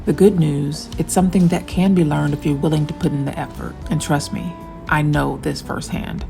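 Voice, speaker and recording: Female voice-over narrator, warm gravelly tone, measured scripted read over soft music. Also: low voice, steady tone. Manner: measured, explanatory. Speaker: vlogger narrating. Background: faint music.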